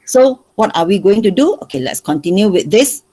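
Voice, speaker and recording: A Malaysian woman teaches a maths revision class over a video call. She asks her questions again and again until students answer, in a voice of middling pitch. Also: animated, brisk, mellow, husky, low-quality recording. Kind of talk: online revision lesson.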